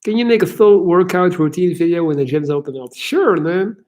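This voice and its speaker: His voice is high, expressive and a little mellow, moving fairly quickly. He's a livestream Q&A host who chats loosely with viewers, joking and laughing easily as he answers their questions.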